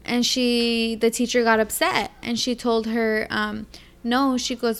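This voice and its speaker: Young woman, slightly high voice, animated storyteller, acts out her kid's voice. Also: measured pace, clear, resonant tone. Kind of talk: casual chat.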